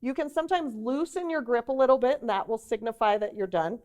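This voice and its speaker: A woman teaching a workshop on job interview skills, lively and conversational, with demonstrations and asides. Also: on the high side, quick pace. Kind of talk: workshop presentation to a group.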